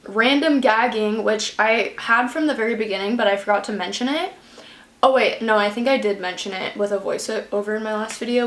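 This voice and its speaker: A woman's voice: mid-range voice, fairly bright tone, echoey room. A young woman vlogging a casual update from home, chatty and rambling with lots of fillers, her nose a bit stuffy. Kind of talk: casual pregnancy update vlog. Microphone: camera at close range under a ring light.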